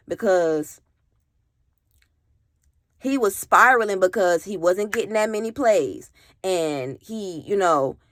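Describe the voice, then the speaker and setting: A woman's voice: medium pitch, fairly bright tone, no echo, clean studio sound. Emphatic woman telling a storytime to camera. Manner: emphatic, repeats "literally", swears freely; addresses viewers directly. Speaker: vlogger. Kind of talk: casual storytime monologue.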